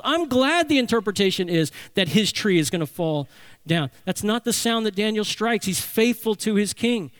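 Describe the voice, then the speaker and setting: A man's voice: high-pitched, moderate pace, clean tone, dry recording. A man preaching a sermon as a pastor, delivering it animatedly. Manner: animated preaching, acting out voices for emphasis.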